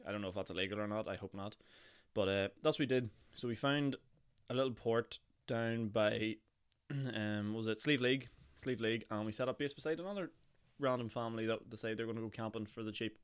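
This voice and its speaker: A hoarse young man with a Northern Irish accent, hosting his podcast in a chatty, jokey way. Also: mid-range voice. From Northern Ireland. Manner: chatty and jokey, with frequent laughs and fillers. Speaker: podcast host. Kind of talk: casual solo podcast chat.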